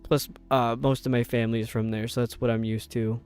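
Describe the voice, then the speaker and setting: A man's voice: mid-range voice, flat delivery, a little mellow, smooth, faint music behind. A young man from upstate New York with a light New York accent, a game streamer chatting casually and rambling with viewers. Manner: rambling, chatty, quick laughs. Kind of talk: casual chat with viewers while gaming.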